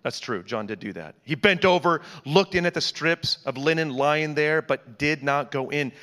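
A man's voice: on the high side, expressive, normal speed, a bit bright, big-room sound. A man reads scripture aloud in church in an earnest, dramatic way and adds small asides. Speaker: scripture reader.

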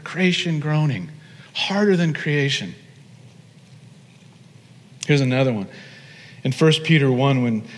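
Male pastor mid-sermon, animated delivery, drawn-out emphasis, ringing church reverb. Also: fairly high pitch. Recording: long hall reverb.

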